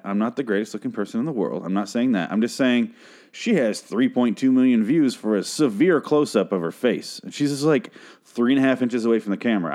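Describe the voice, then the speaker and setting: A man's voice: on the low side, a little mellow. Ranting young man recapping a show. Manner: ranting, profane, exasperated.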